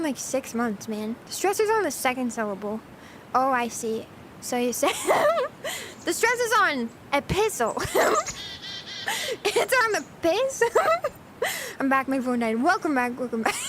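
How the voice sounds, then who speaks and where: A young American woman streams as a VTuber, giggly and bubbly as she reads and answers chat in a casual way. Her voice is high-pitched and a bit bright, with slight background noise.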